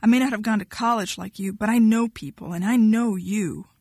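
A woman's voice: medium pitch, brisk, a little mellow, husky, dry recording, studio quality. A woman voicing a sulky, whining husband. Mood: indignant. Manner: whiny, pouting, voice cracking. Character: sulky, pleading husband, man.

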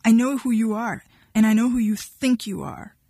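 A woman's voice: a little high, fairly even intonation, normal speed, dark tone, no echo, studio quality. A woman reading the part of a pouting husband who pleads and whines, his voice cracking. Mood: indignant. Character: sulky, pleading husband, man.

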